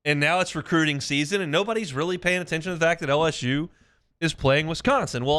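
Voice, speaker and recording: Brisk male sports radio host. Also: fairly high pitch, animated, pushed and bright. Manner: brisk, reels off stats. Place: radio studio. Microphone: studio mic.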